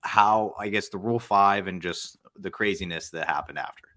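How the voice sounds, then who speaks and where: A man's voice: low-pitched, moderate pace, pushed and bright. A man hosting a casual interview, asking questions in a hesitant, searching way. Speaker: podcast host.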